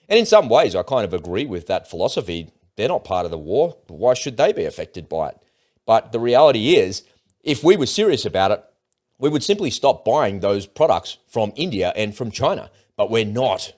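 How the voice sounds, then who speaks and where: A man hosts a casual talk show about world news. His voice sits a little low, and he talks in a loose, rambling way, often restarting his sentences. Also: sing-song, normal speed, darkish tone. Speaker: host. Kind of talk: casual political commentary.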